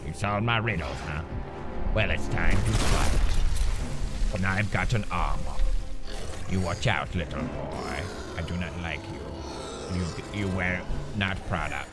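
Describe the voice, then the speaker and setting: A man voicing a vain, mocking armored male villain, speaking low and slow in a taunting way. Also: over loud music.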